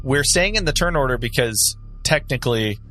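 Lively-toned man running a game. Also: medium pitch, moderate pace, faint music behind. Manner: explains rules with hesitant restarts. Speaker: game master.

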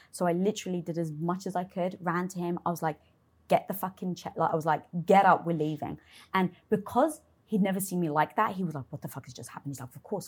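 Husky woman telling a candid story. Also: fairly low pitch. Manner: expressive, swears freely, acts out her own inner dialogue. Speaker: interview guest.

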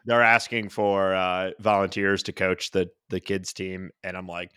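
A man's voice: deep voice, little pitch movement, measured pace, pushed and bright, clear, resonant tone, no room sound. A man in his thirties co-hosting a casual podcast, joking about himself in a dry, self-mocking way. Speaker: podcast co-host. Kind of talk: casual chat.

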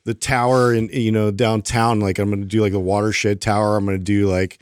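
A podcast co-host with a fairly low, smooth voice tells a long story in casual chat, speaking briskly. He's animated and acts out the voices of the people in his story. The recording is studio quality with no echo.

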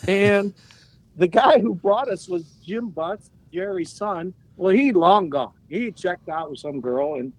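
Animated older man telling a story. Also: sits high, a little slow, low-quality recording. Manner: animated, laughing anecdotes. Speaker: guest, former soccer player. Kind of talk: casual storytelling.

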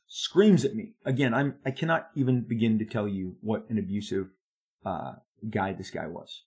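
A man in his fifties, a comic book artist telling a story from his career in an animated, emphatic way that speeds up when he gets excited. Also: lowish voice, moderate pace, husky. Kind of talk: storytelling monologue.

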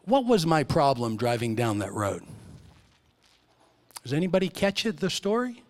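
High-voiced animated middle-aged preacher. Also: male voice, fairly quick. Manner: animated storyteller, shifts from loud to hushed. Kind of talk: sermon. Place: church.

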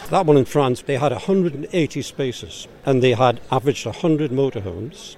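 A man's voice: mid-range voice, lively intonation, normal speed, a little mellow, a little hiss or hum. A Geordie man, director of a campaign group, answering interview questions in a matter-of-fact way and explaining with figures, recorded outdoors.

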